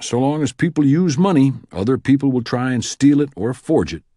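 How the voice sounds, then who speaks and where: A man's voice: mid-range voice, expressive, a little fast, dark tone, no echo, voice pushed up, close to an everyday voice. A man voicing a dry, wry federal agent in an audiobook. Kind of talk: audiobook character voice.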